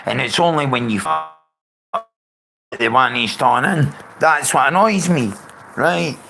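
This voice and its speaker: A man's voice: mid-range voice, a little slow, vocal fry. A man talking casually on a live stream, rambling, swearing often and greeting viewers by name. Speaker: livestreamer. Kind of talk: casual unscripted live chat.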